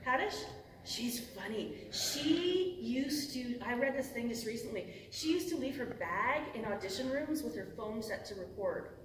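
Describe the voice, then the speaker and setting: A middle-aged voice actress talking casually on a convention panel, rambling and breaking off mid-thought, swearing and laughing often. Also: female voice, on the high side, animated, normal speed, hardly any pauses. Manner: rambling and self-interrupting, cusses, laughs often. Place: large convention hall. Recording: echoey hall from far off, noisy.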